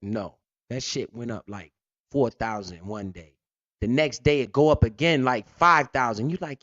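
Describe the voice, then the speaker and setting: A man's voice: mid-range voice, moderate pace, fairly bright tone, no echo, dull audio. A man hosting a casual crypto livestream, telling stories animatedly with lots of slang and swearing. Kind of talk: casual profane livestream talk.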